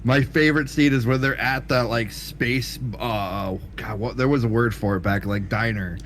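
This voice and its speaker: A man's voice: mid-range voice, moderate pace, fairly bright tone. A man co-hosting a casual podcast, talking in a mid-range voice. He teases and needles his friends, swearing freely as he goes. A faint background hiss sits under his voice. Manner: teasing, swearing. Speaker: podcast co-host. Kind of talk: casual chat.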